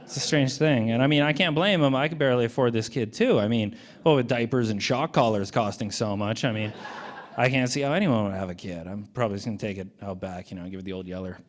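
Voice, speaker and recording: Halting man telling dark stand-up jokes. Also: mid-range voice. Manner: halting dark-humored delivery with restarts. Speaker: stand-up comedian. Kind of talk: stand-up comedy set.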